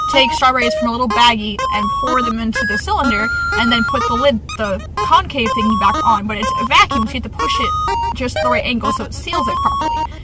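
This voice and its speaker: A young woman with a slightly high voice chats through a casual storytime, bubbly and quick to giggle. She acts out her coworkers' lines as she goes, and loud music plays behind her. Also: low-quality recording. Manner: animated, giggly, acts out what people said. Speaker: vlogger telling work stories.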